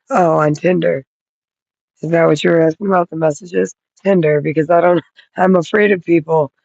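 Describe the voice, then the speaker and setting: A man's voice: fairly high pitch, creaky, no echo, muffled recording. A man in his thirties vlogging outdoors on a cold, rainy night, rambling and swearing freely as he thinks aloud. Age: 30s. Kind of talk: rambling casual vlog talk.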